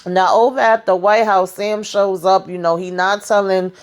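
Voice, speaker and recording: A woman's voice: mid-range voice, fairly even intonation. A woman recapping a TV episode in casual, sassy chat straight to her viewers, full of asides and fillers. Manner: colloquial, drawn-out asides with frequent fillers. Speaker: TV show recap host.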